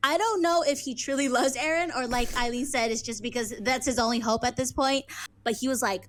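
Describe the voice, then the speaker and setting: A woman's voice: a little high, brisk. A young woman co-hosting a podcast, chatting casually and animatedly, laughing, swearing and mimicking characters. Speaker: podcast co-host. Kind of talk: casual fan chat.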